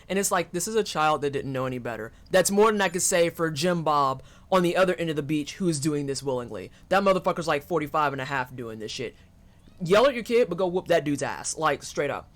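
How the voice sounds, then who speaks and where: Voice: mid-range voice, fairly quick. A streamer joking and swearing through commentary while playing a horror game. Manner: joking, profane, animated. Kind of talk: live gameplay commentary.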